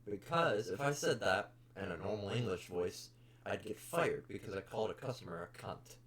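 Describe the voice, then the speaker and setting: A man's voice: fairly low pitch, animated, moderate pace, fairly bright tone. Blunt, swearing young man ranting. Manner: blunt, profane, exasperated. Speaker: podcast host. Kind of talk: casual storytelling rant.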